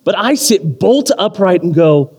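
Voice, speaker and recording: A male pastor in his thirties delivers a sermon in a lively storytelling way, poking fun at himself as he goes. His voice sits a little high for a man. Long reverb trails off each phrase in the hall. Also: unhurried, breathy edge. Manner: animated storytelling with self-deprecating humor. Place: church or community hall.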